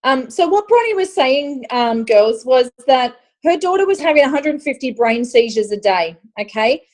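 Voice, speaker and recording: A woman's voice: high voice, expressive, normal speed, a little mellow. Chatty woman hosting online. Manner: chatty, with frequent "okay?" tags and endearments. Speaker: host of an online launch event. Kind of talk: casual presentation to an online group.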